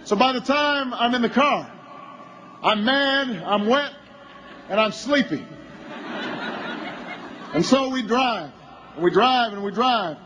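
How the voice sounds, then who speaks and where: A man with a strikingly high voice tells a long story at a campaign rally. He works slowly toward bursts of shouting, and a faint ambient hum runs underneath. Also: expressive, low-quality recording. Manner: anecdotal storytelling that builds to shouting. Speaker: politician.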